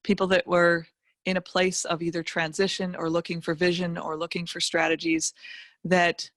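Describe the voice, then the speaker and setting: A middle-aged woman, a financial educator appearing as a guest speaker, tells a personal motivational story with emphatic, animated delivery and vivid asides. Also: on the low side, normal speed, no echo, studio quality.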